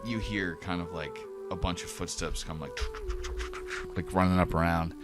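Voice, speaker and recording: A man's voice: low-pitched, fairly even intonation, normal speed, over music. A man narrating as game master of a tabletop game, in loose, filler-heavy speech.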